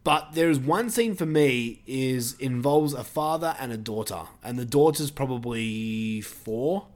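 A man's voice: mid-range voice, lively intonation, a little slow. A man hosting a podcast, chatting casually about a film and rambling through many fillers and restarts. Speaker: podcast host. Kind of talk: casual movie review chat.

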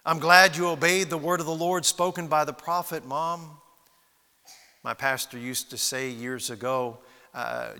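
A man's voice: a little high, fairly even intonation, unhurried, pushed and bright, clear, resonant tone, long reverb tail. A man preaching a sermon, retelling a Bible story with dramatic storytelling and acted-out voices. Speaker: pastor.

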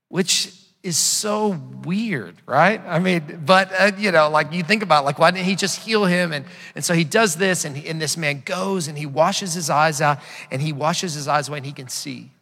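A man's voice: on the high side, normal speed, pushed and bright. A man preaching a sermon as a pastor, retelling a story conversationally with frequent restarts. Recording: long hall reverb.

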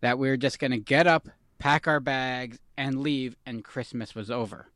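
A man's voice: medium pitch, steady tone, moderate pace, fairly bright tone, no room sound, studio quality. A man in his thirties co-hosting a casual podcast, telling rambling, self-mocking family stories. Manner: rambling storyteller, self-deprecating. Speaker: podcast co-host. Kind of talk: casual chat.

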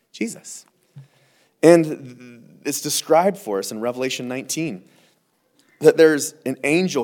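A middle-aged man, a pastor, teaching a verse-by-verse sermon in a conversational, animated way, with playful asides and little acted-out quotes. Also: mid-range voice.

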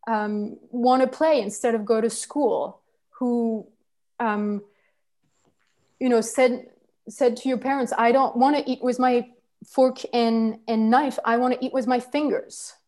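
A woman's voice: a little high, mellow. A woman leading a personal-growth workshop, speaking earnestly and searching for words, with fillers and restarts. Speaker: workshop facilitator. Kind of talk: teaching talk on personal growth.

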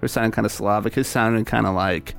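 A man's voice: on the low side, fairly even intonation, a little fast, creaky. A young man co-hosting a radio show, chatting casually in a laid-back way, telling stories and laughing often. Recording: faint music behind.

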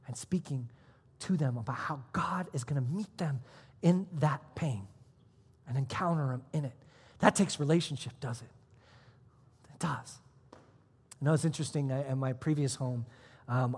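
A man pastor preaching a sermon, telling a personal story with sudden swings between hushed, almost whispered lines and loud, emphatic ones. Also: mid-range voice, big-room sound. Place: church auditorium.

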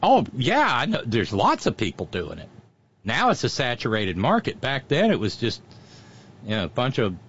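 A man telling stories in casual chat as a radio host, animated and mimicking the way others talk. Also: medium pitch, normal speed, breathy edge, dull audio. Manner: animated, drawling storyteller who mimics accents.

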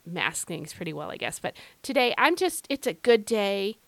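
A woman's voice: medium pitch, very animated, normal speed, no room sound. An Irish woman hosting a devotional podcast, talking in an earnest, encouraging, conversational way. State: recovering from feeling unwell. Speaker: podcast host. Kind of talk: devotional Bible podcast talk.

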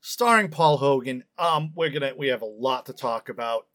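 A man's voice: medium pitch, normal speed, a bit bright. A man co-hosting a casual podcast, chatting playfully and laughing often. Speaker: podcast co-host. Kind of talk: casual chat.

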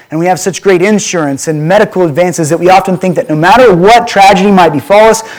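A man preaching a sermon, reading scripture and putting questions to the congregation in an earnest way. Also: on the high side. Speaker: pastor.

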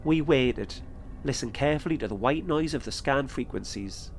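Guy narrating his own spooky tale, steady and measured, regular pitch for a man. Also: soft background music. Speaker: podcast host and narrator. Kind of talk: first-person storytelling narration.

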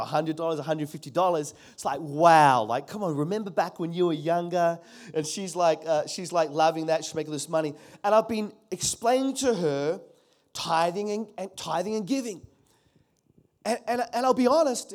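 A man's voice: high voice, a little mellow. A man in his forties preaching a sermon as pastor, emphatic, repeating key phrases and calling on the congregation to respond.

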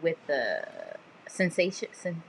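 A woman's voice: low voice, very animated, slow, rough recording. A woman co-hosting a live stream, talking in an easygoing, matter-of-fact way. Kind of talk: casual chat. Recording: noticeable background hiss.

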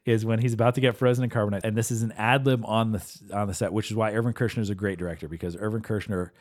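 A man with a somewhat low voice chats casually on a podcast. He tells long, enthusiastic stories, looping back with fillers and restarts as he goes. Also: fairly even intonation, very fast. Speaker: podcast co-host. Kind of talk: casual chat about films.

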